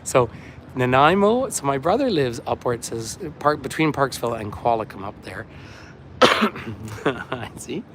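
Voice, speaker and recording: A man's voice: mid-range voice, lively intonation, a little slow, fairly bright tone. Guy doing a walking tour livestream outside, rambly and chatty, faint street noise behind. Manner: chatty, rambling, reads out viewer comments. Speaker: tour guide. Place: outdoors on a city waterfront street.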